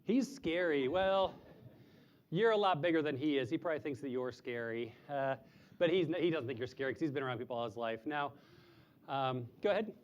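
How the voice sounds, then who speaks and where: A man's voice: a little fast, lo-fi sound. A man presenting live animals to a group of children, chatty and explaining in simple terms, sometimes hooting like an owl. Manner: imitates owl hoots in a high voice. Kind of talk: live animal show for kids.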